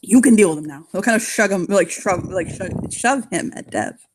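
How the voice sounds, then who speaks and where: A woman's voice: mid-range voice, animated, moderate pace, a little hiss or hum. A woman playing a tabletop game, chatting brashly and profanely and laughing often. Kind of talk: casual in-game chat.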